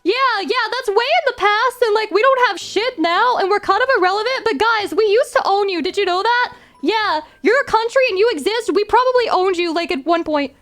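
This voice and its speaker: A woman voicing a smug, boastful British colonizer who taunts the listener in a loud, mocking way. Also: extremely high pitch, lively intonation, fast talker, few pauses, voice pushed up. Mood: gloating.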